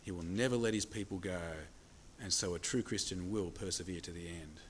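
A man preaching a sermon, emphatic, asking the congregation rhetorical questions and slowing down to stress key points. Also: low voice, slight background noise. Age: adult with children.

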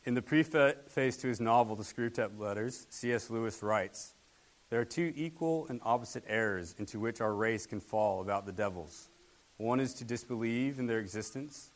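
A young man giving a sermon as guest preacher, conversational and relaxed, with fillers and humorous asides. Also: mid-range voice, normal speed.

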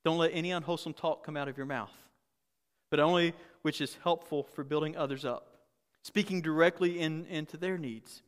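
A pastor preaching a candid, conversational sermon with humor and frequent restarts. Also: male voice, a little high, steady tone, moderate pace, clear, resonant tone, long reverb tail.

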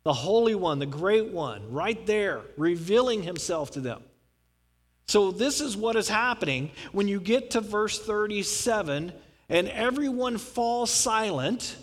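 A man's voice: high-pitched, lively intonation, a little slow, in a large hall. A male pastor preaching a sermon, dramatically acting out the scripture he quotes.

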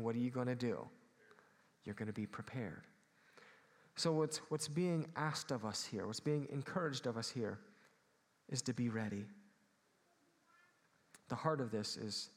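A man, preaching a sermon as pastor, earnest and calling out for amens. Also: mid-range voice. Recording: long hall reverb.

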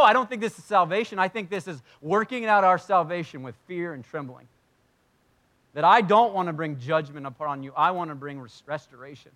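A male pastor delivers a sermon in a slightly higher than usual voice. He moves between animated, acted-out voices and quiet, earnest stretches. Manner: animated, acts out voices of Bible figures, drops to soft intensity. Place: church sanctuary.

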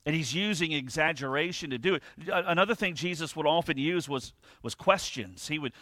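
Pastor preaching in a dry room. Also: male voice, medium pitch, pushed and bright, no room sound. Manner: conversational preaching, frequent "right?" to the congregation; reads scripture aloud with rising emphasis. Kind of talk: sermon.

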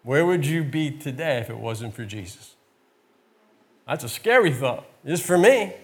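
A man's voice: mid-range voice, big pitch swings, measured pace. A man preaching a sermon in a heartfelt, searching way, often repeating his words for emphasis.

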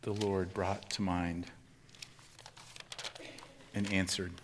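A man with a fairly low voice preaches a sermon as a pastor. He speaks in a measured, earnest way and swells into impassioned pleading. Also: level tone, noisy background.

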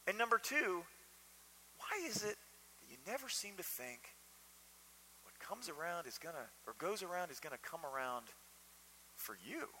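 A male pastor with a bright, sharp voice that swings up and down in lively pitch, speaking a little higher than most men. He preaches in a conversational way and keeps asking the congregation direct questions. His voice carries a long reverb, as in a church hall. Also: normal speed, long pauses, slight background noise. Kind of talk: conversational sermon.

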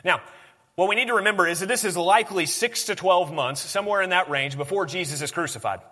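A man's voice: high voice, pushed and bright, big-room sound. A man preaching a sermon in an earnest, conversational way, often restarting his sentences.

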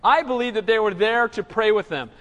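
High-voiced preacher in a reverberant hall. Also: male voice, fairly quick, lo-fi sound. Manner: animated, call-and-response preaching. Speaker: pastor. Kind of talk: sermon.

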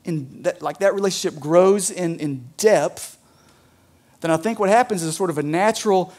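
A man's voice: high voice, moderate pace, a little mellow. A man preaching a sermon as a pastor, talking casually with lots of "like" and "right?".

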